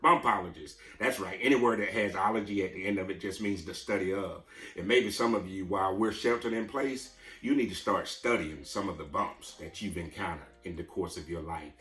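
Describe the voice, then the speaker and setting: A man's voice: lowish voice, a bit bright, reverberant. A male pastor preaching a streamed Sunday sermon, building emphatic, rising lines with repetition.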